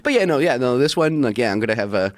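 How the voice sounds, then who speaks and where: A man's voice: medium pitch, expressive, quick pace, no echo. A man chatting casually in an interview, rambling with many fillers and laughs.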